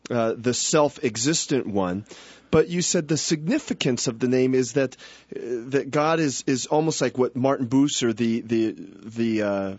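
A man's voice: mid-range voice, moderate pace, darkish tone, no room sound, dull audio. A man co-hosting a call-in radio show, reflecting on a teaching in a thoughtful, appreciative way. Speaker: radio co-host.

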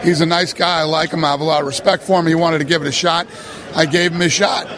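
A man's voice: on the high side, steady tone, quick pace, crowd noise. A man answering reporters' questions at a press conference in a blunt, casual way. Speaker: sports executive at press conference.

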